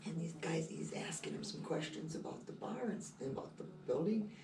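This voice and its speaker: A storyteller in a cafe, telling a casual anecdote in a rambling, animated way and repeating "I said" and "he goes.". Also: medium pitch, a little fast. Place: indoor cafe. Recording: roomy, distant, noisy.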